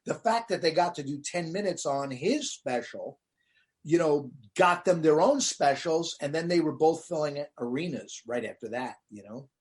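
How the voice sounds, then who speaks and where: A man, a comedian guest, talking in a relaxed and loose way in a casual interview chat, leaning on lots of fillers. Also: fairly high pitch, normal speed.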